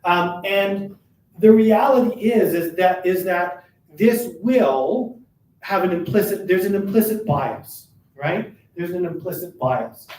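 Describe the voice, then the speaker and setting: An older man giving a live workshop talk, who talks fast and keeps checking in with "right?". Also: high-pitched, darkish tone. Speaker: workshop presenter for a workers' advocacy centre. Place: meeting room at a chamber of commerce. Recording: roomy, distant, faint noise.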